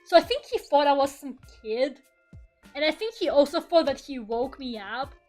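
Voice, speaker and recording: Brief: young female streamer, casual and profane, laughs a lot, high voice. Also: expressive, normal speed, darkish tone, faint music behind. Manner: swears freely, laughs often, rambling. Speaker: VTuber streamer. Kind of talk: casual chat during an art stream.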